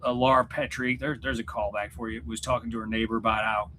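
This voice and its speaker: A Missouri man in his 40s chats with livestream viewers from a room at home, in front of a mirror, rambling and joking at his own expense. His medium-pitched voice is level and sharp, with a quick pace and slight background noise.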